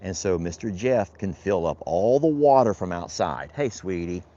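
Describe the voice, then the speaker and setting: Deep and mellow, this man speaks at a normal pace with lively intonation. He's a rancher casually vlogging outdoors during his chores, rambling in a folksy way and chatting to his animals. The outdoor recording is dull and lo-fi.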